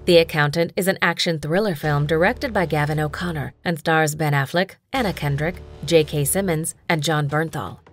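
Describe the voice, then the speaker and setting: Woman narrating over faint music, lowish voice. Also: moderate pace, few pauses. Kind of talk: scripted list narration.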